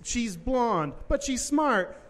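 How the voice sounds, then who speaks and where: A man with a high-pitched voice tells a story on stage at a live podcast show. He talks with lots of energy and jumps into even higher voices for quotes. His voice rings through a large, reverberant venue. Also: slow. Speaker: podcast co-host.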